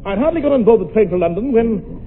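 A man's voice: high voice, lively intonation, fast talker, noisy background. An actor playing a bumbling, cheerful male secret agent in a radio comedy, giggly and sing-song, on a tinny old broadcast.

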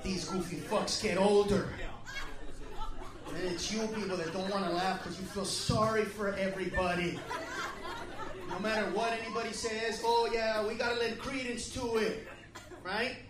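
Man, stand-up comic, brash and profane, very high voice, echoey club from afar, loud crowd behind. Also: steady tone, moderate pace. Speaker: stand-up comedian. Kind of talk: stand-up comedy set. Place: comedy club stage. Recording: echoey live club from a distance. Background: audience laughter.

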